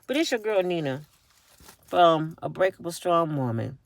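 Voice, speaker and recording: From a parked car, a middle-aged woman vlogs casually, speaking directly to her viewers in a lowish, expressive voice at normal speed with no echo. She comes across as emphatic and tired.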